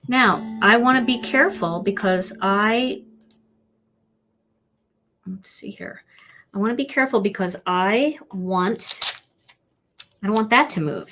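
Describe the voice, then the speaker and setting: A woman's voice: mid-range voice, animated, slow, long pauses, a bit bright, faint music behind. Chatty woman demonstrating card stamping. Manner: chatty and playful, talking to viewers while working. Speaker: card-making instructor.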